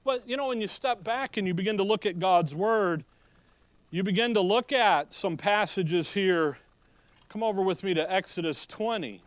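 A man's voice: high-pitched, normal speed, dry recording. A middle-aged male pastor preaching a sermon in a folksy manner, full of joking asides and rhetorical questions.

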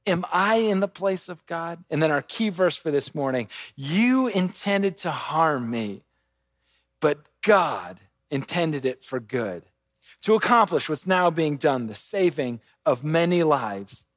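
A man preaching a sermon, swinging between quiet intensity and raised urgency. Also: on the high side, lively intonation, unhurried, dry recording. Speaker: pastor.

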